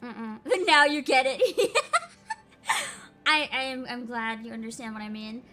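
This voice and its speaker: Young woman streamer, high bright voice, lively, giggly casual chat, faint music behind. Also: measured pace. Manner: animated, giggly, chatty. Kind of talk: casual livestream commentary.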